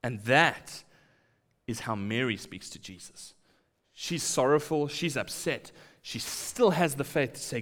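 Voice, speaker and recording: A man's voice: mid-range voice, expressive, measured pace. Man preaching in a reverberant hall. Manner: acts out quoted lines, drops to quiet asides. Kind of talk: sermon.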